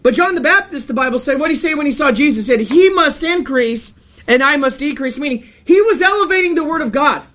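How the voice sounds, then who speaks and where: A woman's voice: sits high, animated, fast, fairly bright tone. A woman reading scripture and preaching an emphatic, rebuking sermon.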